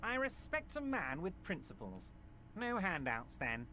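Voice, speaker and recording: A smug, syrupy union boss. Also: male voice, high voice, wildly swooping pitch, a little slow, bright, forceful tone, faint music behind, full character voice. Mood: smug reassuring. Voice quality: soothing, overly reassuring, patronizing. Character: smooth, scheming, obese male union boss. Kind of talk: video game voice acting.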